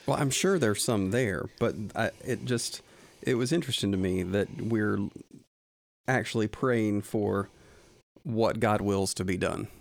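A man sharing reflections in a relaxed, casual podcast chat about faith. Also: fairly low pitch, unhurried, creaky, no echo.

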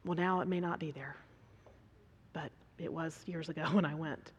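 A woman preaching a sermon, dramatic and swinging between hushed whispers and loud emphasis. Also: low-pitched, steady tone, normal speed, slightly rough. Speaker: speaker preaching to a women's gathering. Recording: long reverb of a large hall.

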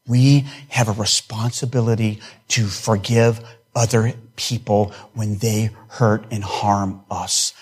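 Guy pastor preaching, earnest, keeps repeating lines for punch, mid-pitched voice. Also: a little mellow, husky. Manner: earnest, rising emphasis with repeated phrases. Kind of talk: sermon.

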